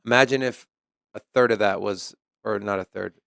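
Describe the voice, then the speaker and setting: A man's voice: lowish voice, normal speed, gravelly, a bit bright, clear, resonant tone, no echo, studio quality. A man co-hosting a casual crypto news show, reading articles aloud and commenting on them. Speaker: co-host.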